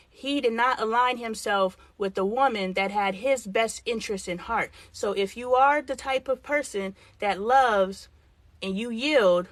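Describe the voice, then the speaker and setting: A woman's voice: on the high side, fairly bright tone, dry recording. Blunt woman giving frank life advice. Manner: blunt, frank, with mild swearing; acts out lines of dialogue she is quoting. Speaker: host. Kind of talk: live-stream advice talk.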